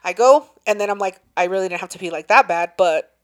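A young adult woman co-hosting a casual chat, an animated storyteller who swears freely and acts out quotes. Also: fairly low pitch, quick pace.

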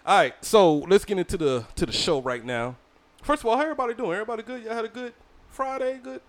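A man's voice: sits high, quick pace. A man hosting a casual podcast, chatting with friends, laughing often and mimicking people. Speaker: podcast host. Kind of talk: casual chat.

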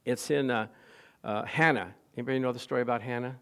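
A middle-aged man preaching a sermon, swinging between quiet asides and loud, emphatic lines and putting questions to the congregation. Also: mid-range voice, steady tone, fast, gravelly, clear, resonant tone. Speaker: pastor.

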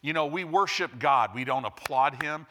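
A man preaching a sermon as pastor, building from quiet to loud and emphatic. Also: fairly high pitch, normal speed, a little hiss or hum.

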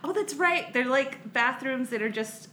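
A woman co-hosting a casual chat, giggly and teasing with quick interjections. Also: sits high, lively intonation, reverberant, a loud crowd. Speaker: podcast co-host.

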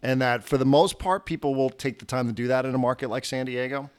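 A man's voice: mid-range voice, quick pace. A sports radio host, a man, telling stories in a casual talk and acting out what others said. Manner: animated storyteller, acts out quotes.

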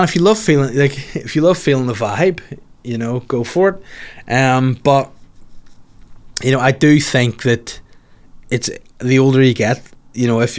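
A man in his forties with a Northern Irish accent, hosting a solo podcast in rambling, sweary, self-mocking casual chat. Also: medium pitch. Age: 40s. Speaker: podcast host.

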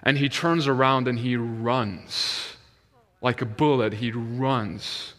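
A male minister giving a sermon and telling his testimony as an animated story, which drops to a hush when he retells prayers. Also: medium pitch, slow pace, big-room sound.

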